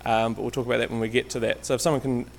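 A medium-pitched man delivers rapid-fire speech flatly, with vocal fry and slight background noise. He's a guest lay preacher from Canterbury, New Zealand, giving a casual, faltering church talk full of ums and restarts. He uses a stage mic, sometimes moving away from it.

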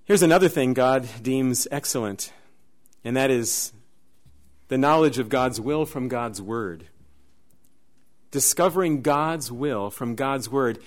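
A man preaching a sermon, telling stories in an animated, lively way. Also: mid-range voice. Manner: animated storyteller, shouts and laughs in the dramatic parts. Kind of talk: sermon with storytelling.

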